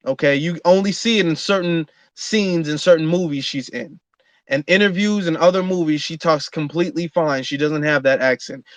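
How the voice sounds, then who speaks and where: A man's voice: fairly high pitch, fairly bright tone, no room sound. A man hosting an online audio room, talking in an earnest casual monologue with frequent fillers and restarts. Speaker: host.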